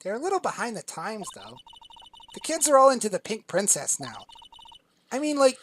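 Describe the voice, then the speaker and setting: A woman's voice: a little high, big pitch swings, moderate pace, a bit bright, a little hiss or hum. A woman reading as a bubbly young sidekick. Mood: playful. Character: cheerful young female sidekick, curious and playful. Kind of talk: reading game dialogue aloud.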